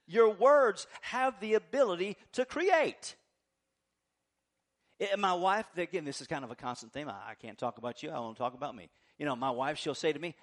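A male pastor preaching a conversational sermon, acting out bits of dialogue and swinging between soft asides and loud emphatic bursts. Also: sits high.

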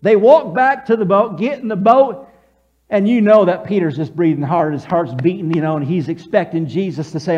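A man preaching with a high voice that swoops up and down as he acts out his story. He chuckles along the way and has his congregation repeat lines after him. The recording sounds dull and lo-fi. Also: expressive, normal speed, a little mellow. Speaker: pastor. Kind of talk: sermon.

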